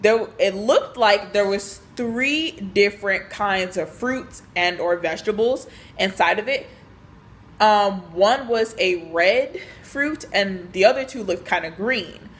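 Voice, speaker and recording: Young woman, casual storytime vlog, animated, filler-heavy. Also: medium pitch. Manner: chatty, animated, lots of fillers and quoted dialogue. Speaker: vlogger telling a work story.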